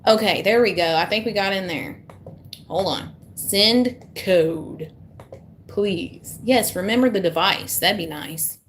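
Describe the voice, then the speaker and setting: A woman who reads tarot chats casually with her live-stream viewers, speaking slowly in a mid-range voice over slight background noise. She talks to herself while fixing her tech and jokes about how much she struggles with it.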